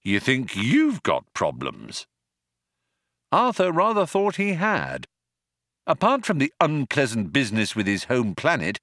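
A man narrating a comic story in a dry, measured storytelling manner. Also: a little high, fairly bright tone, no room sound. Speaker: audiobook narrator. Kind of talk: scripted narration.

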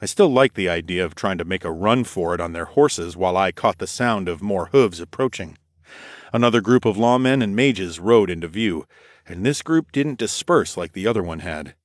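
Male narrator, low register, steady first-person storytelling, close dry mic. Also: moderate pace, no room sound. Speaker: audiobook narrator.

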